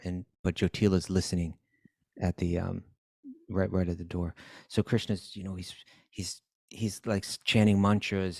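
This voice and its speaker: A man co-hosting a podcast, casually retelling a story in an animated way, with many restarts. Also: deep voice, no room sound, studio quality. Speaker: podcast co-host.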